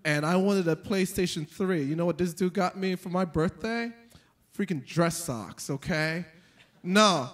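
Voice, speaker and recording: A young man performing a stand-up comedy set, telling stories with animated delivery and jumping into high squeaky voices for the characters. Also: a little slow. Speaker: stand-up comic.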